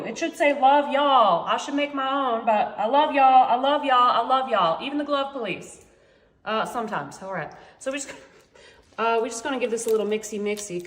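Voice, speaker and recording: Chatty high-voiced woman cooking at home. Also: fairly bright tone, roomy sound, slight background noise. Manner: chatty, self-joking, keeps saying "y'all". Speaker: home cooking channel host. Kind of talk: casual cooking demonstration. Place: home kitchen.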